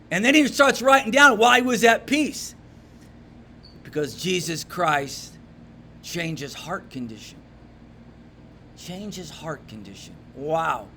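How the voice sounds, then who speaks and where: A man giving a storytelling devotional talk to a men's group in a pub, animated and swinging from loud emphasis to hushed asides. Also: sits high, a little hiss or hum. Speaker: men's ministry speaker. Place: pub room.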